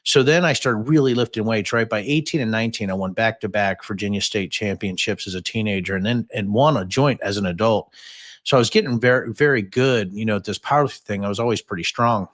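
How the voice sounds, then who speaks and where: A man's voice: on the low side, fast talker, a bit bright. Rambling, jokey man in his fifties. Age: 50s. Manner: rambling and jokey, many fillers and asides. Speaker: podcast host. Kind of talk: casual livestream storytelling.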